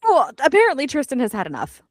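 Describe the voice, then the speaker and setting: A woman's voice: high voice, wildly swooping pitch, fast, no echo. A woman hosting a book club podcast, chatting casually with many fillers as she recaps a story and acts out character lines.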